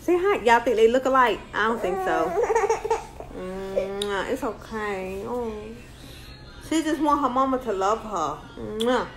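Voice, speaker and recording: A woman's voice: a little high, animated, a little slow, crowd noise. A young adult mother chatting in playful sing-song baby talk to her little ones on a phone live stream. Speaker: mother livestreaming with her babies.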